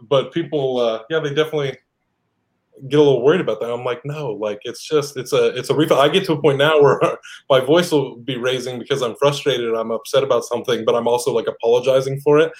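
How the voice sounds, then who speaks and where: Big loud guy on a podcast, voice keeps rising, mid pitch. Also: fast. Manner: loud, gets worked up, laughs while talking. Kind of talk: casual podcast chat.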